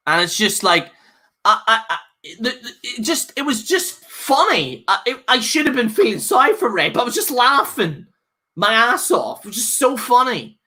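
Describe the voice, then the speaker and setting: A man with a bright, forceful voice rants through a casual live review. He rambles and restarts often, exasperated and full of fillers. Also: very high voice, very animated, moderate pace, breathy edge. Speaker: host reviewing a wrestling show.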